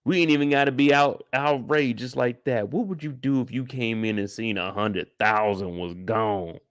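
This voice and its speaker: A young man hosting a casual live after-show, talking in loose slang and acting out reactions with sudden loud outbursts. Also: mid-range voice, moderate pace. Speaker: host.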